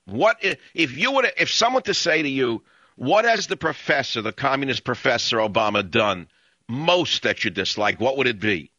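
A man's voice: medium pitch, expressive, normal speed, sharp tone, dry recording. A man hosting a talk radio show, ranting and sarcastic as he cuts in on callers. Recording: dull lo-fi broadcast audio.

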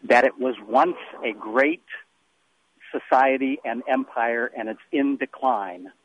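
A man calling in to a radio talk show, answering in a calm, measured way. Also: medium pitch, no room sound. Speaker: caller. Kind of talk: phone-in call. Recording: tinny phone line.

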